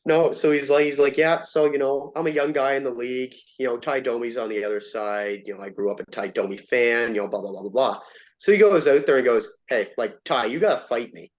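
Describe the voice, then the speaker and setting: A man telling hockey stories in casual chat, acting out quoted lines in a raised, animated voice. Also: medium pitch, a little fast. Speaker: interview guest, former player and coach. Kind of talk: casual storytelling. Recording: dull lo-fi sound.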